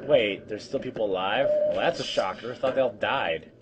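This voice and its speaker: A man's voice: on the low side, moderate pace, highs cut off, a loud crowd. A man giving let's play commentary, swearing and complaining with jumpy outbursts. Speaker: gamer.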